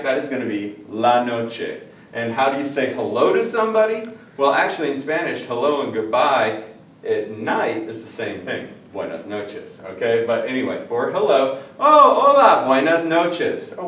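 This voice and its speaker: A man's voice: mid-range voice, a little hiss or hum. Man teaching a lesson in an echoey room. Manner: conversational, repeats phrases, checks in with listeners. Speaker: Spanish teacher. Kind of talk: recorded classroom lesson. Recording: echoey room, mic at a distance.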